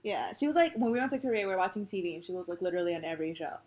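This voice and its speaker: A woman's voice: on the low side, expressive, racing, darkish tone. Chatty rambling woman podcast co-host. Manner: rambling, heavy use of "like", giggly. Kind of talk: casual chat.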